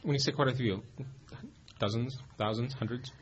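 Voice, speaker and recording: A man's voice: medium pitch, normal speed, lo-fi sound, slight background noise. A man co-hosting a casual talk show, throwing in teasing questions.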